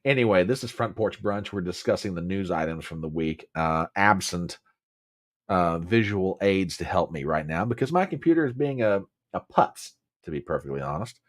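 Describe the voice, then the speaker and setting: A man's voice: low-pitched, expressive, moderate pace. A Southern American man hosting a casual political commentary livestream, chatty and emphatic, repeating phrases and answering viewers by name. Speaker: host.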